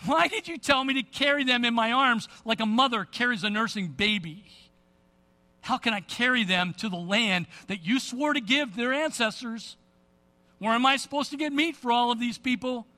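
A man's voice: very high voice, pushed and bright. A man playing an exasperated old prophet pleading with rhetorical questions about his heavy burden. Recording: long reverb of a big hall.

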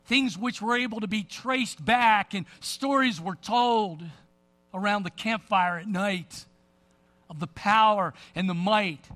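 A man preaching a sermon, retelling scripture in an animated storytelling way with casual asides. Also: high voice, slow pace. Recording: long reverb of a big hall.

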